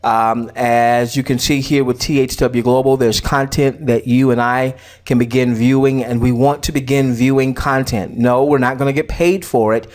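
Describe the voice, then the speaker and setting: A man's voice: medium pitch, steady tone, moderate pace, hardly any pauses. A middle-aged man promoting an online business in a casual screen-share walkthrough, chatty with many fillers and repeats, fighting a slight cough.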